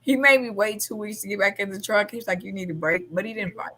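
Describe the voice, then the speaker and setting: A woman's voice: medium pitch, quick pace. A young adult woman co-hosting a casual talk show, telling a story with lots of laughter. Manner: animated storyteller, laughs often. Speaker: co-host. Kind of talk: casual chat.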